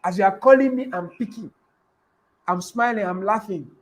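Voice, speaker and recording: A man's voice: high voice, normal speed, poor audio. A man giving a live motivational business talk, repeating key phrases and asking his audience questions. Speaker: business coach.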